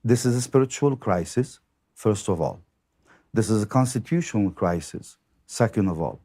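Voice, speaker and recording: A man who is a priest, speaking in a podcast chat in a measured way, with many "uh" fillers. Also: lowish voice, lively intonation, dark tone, slightly rough. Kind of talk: casual chat.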